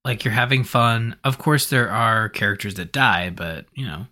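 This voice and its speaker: Bright and forceful, his medium-pitched voice moves at a normal speed as he co-hosts a casual podcast chat. His talk rambles, packed with fillers and restarts.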